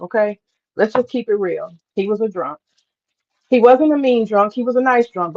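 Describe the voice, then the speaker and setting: A woman's voice: fairly high pitch, a little mellow, muffled recording. A woman hosting a live stream, telling a story in a candid, chatty way, swearing freely and talking to the chat. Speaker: host.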